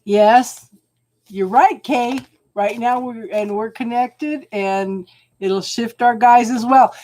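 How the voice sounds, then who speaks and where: Hosting a laid-back tarot livestream, this older woman speaks slowly in a fairly high voice with a darkish tone. She's chatty, laughs frequently while talking, and calls out viewers by name.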